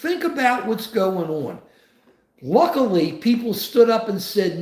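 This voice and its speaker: Impassioned older man, high voice, roomy echo. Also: big pitch swings, unhurried. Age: 70s. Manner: impassioned, rambling with restarts. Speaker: host. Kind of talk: political commentary on a live show.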